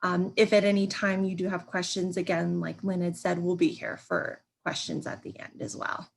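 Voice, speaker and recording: A woman's voice: fairly low pitch, little pitch movement, normal speed, gravelly. A woman moderating a video call presentation, introducing the next speaker informally.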